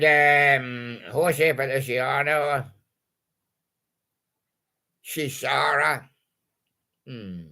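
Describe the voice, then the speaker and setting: Gravelly, bright-toned, slow-talking male host. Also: mid-range voice. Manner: punning, jokey, chuckles at his own gags. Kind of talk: playful patter about old song titles.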